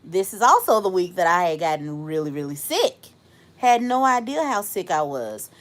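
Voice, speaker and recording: A woman's voice: fairly low pitch, very animated, normal speed. A woman hosting a live stream, casually telling a story to her chat, laughing often and acting out the voices of people she quotes.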